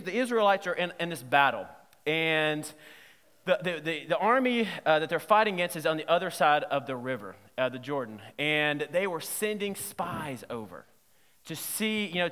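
A man preaching a sermon in a playful, lively way, quizzing his audience as he goes. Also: fairly high pitch, moderate pace, big-room sound. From Southern United States. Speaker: pastor.

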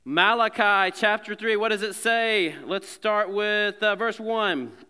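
A man's voice: high voice, takes it slowly, pushed and bright, smooth. A man preaching a sermon to a congregation in a conversational way, with joking asides between scripture readings. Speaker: pastor. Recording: long hall reverb.

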